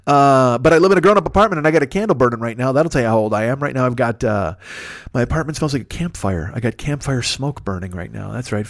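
A man's voice: medium pitch, fast talker. Profane, rambling man in his fifties. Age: 50s. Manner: rambling, profane, self-mocking. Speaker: podcast host. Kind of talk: solo comedic podcast monologue. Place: apartment. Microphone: microphone turned sideways.

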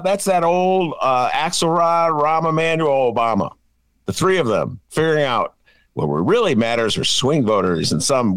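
Animated middle-aged man, lively swinging pitch. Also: dry recording. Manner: animated, self-mocking, swings between mumbling low and excited high. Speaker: podcast co-host. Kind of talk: casual political chat.

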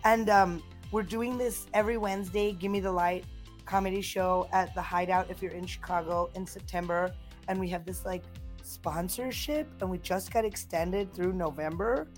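A woman in her thirties, a comedian guest chatting casually on a podcast and acting out the voices of people she quotes in lively stories. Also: on the low side, moderate pace, faint music behind. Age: 30s.

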